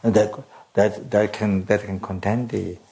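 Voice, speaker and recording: Male Buddhist teacher, low gravelly voice, halting delivery with throat-clearing. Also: flat delivery, a little mellow. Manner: halting, many fillers and restarts; frequent coughs and throat-clearing. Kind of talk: dharma talk.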